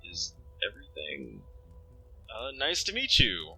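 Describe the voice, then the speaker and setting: A man's voice: on the low side, wildly swooping pitch, measured pace, vocal fry, bright, forceful tone, soft background music, voice pushed up, full character voice, rough recording. A man voicing an awkward, nervous young male mage in a visual novel, stammering and flustered.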